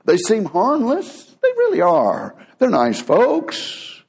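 A preacher man delivering a sermon. He swings from high, pleading quoted voices down to low, hushed warnings, and keeps it conversational and animated. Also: slow, gravelly, slightly rough. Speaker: pastor.

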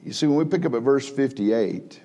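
Mellow-voiced male preacher with hushed drops. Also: lively intonation, a little fast. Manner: swings between emphatic raised passages and hushed low drops; frequent word repeats and restarts. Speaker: pastor. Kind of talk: sermon.

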